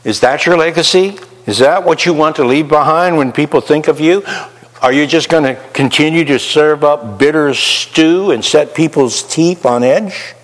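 A man's voice: a little high, long reverb tail. A man preaching a sermon, asking the listeners questions and acting out the voice of conscience. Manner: slow, rhetorical questions, acts out the inner voice. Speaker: pastor.

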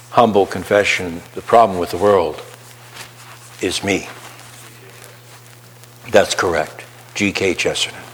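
Slow-preaching man in a reverberant hall. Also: fairly high pitch. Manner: slow, rhetorical questions, acts out the inner voice. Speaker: pastor. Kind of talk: sermon.

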